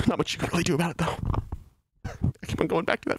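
A man's voice: a little high, steady tone, fast talker, a little hiss or hum. A male streamer doing a mock-melancholy, self-pitying comic bit in casual stream chat, breaking into laughs, speaking from his office. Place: office, sitting on a beanbag.

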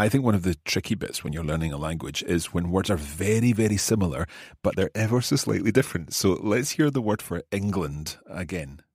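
This Scottish man has a deep, husky, lively voice, captured in a dry, studio-quality recording. He hosts a podcast and is learning a language, working through a conversational lesson. He repeats phrases slowly and carefully and laughs easily.

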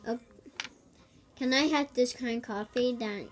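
A woman's voice: fairly high pitch, measured pace. A woman giving casual gameplay commentary, hesitant and giggly, with lots of ums. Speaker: gamer.

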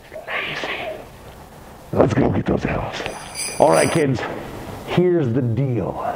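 A man's voice: a little high, creaky, noisy background. A man playing a lazy, scheming old Santa Claus who talks about himself in the third person, hammy and jokey. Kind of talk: comedic costumed role-play.

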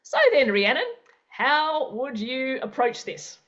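A woman leads an online workshop, acting out scenarios with playful sound effects and an animated, lively delivery. Her voice sits a little high. The audio is dull and lo-fi, like a video call. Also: takes it slowly. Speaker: presenter. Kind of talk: interactive workshop teaching.

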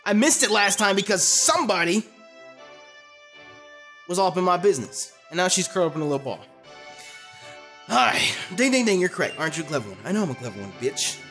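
A young gaming commentator, loud and unruly, cursing freely as they play. The voice swings widely up and down in pitch. A faint bed of music sits under the desk-mic recording. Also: a little fast, pauses often. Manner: loud, profane, animated. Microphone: desk mic with facecam.

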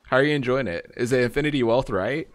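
A man's voice: medium pitch, fast talker, soft background music. A young man live-streaming a game, chatting casually and rambling to his viewers, greeting them by name.

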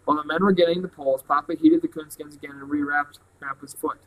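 A man reading a novel aloud in a plain, steady way. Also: on the high side, quick pace, poor audio. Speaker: reader.

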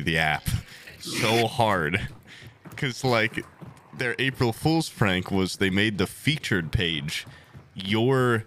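A young man streaming a game, chatting casually and telling stories with animated, exaggerated high voices. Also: slight background noise. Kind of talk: casual gaming chat.

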